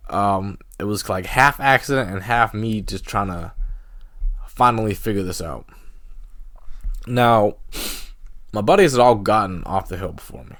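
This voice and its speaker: A man's voice: on the low side, unhurried, pauses often, a bit bright, dry recording, studio quality. A young man hosting a solo podcast, telling a story casually with lots of fillers and laughing at himself. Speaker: podcast host.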